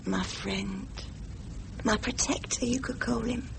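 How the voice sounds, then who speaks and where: An actress playing a brisk, worldly prostitute with a blunt, mocking, businesslike manner, in 1950s radio drama style. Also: female voice, a little high, creaky, noisy background, heavily acted. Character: brisk worldly London prostitute, middle-aged woman.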